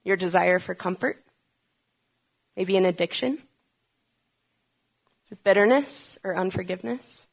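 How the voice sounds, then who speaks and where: A woman preaching a sermon, asking rhetorical questions and building to urgent, emphatic peaks. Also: mid-range voice.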